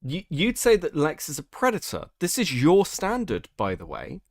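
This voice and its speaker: A British man hosting a live stream, reacting with profane, mocking commentary. His voice swings widely in pitch as he jeers. The sound is dry and close, with no room around it. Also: wildly swooping pitch, moderate pace, no echo. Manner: profane, mocking, loud outbursts. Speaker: streamer host.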